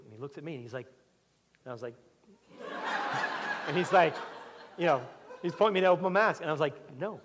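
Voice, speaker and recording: A male pastor giving a sermon, telling a personal story with animated swings between loud and soft. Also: medium pitch, fast. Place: church sanctuary. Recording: church hall with long reverb.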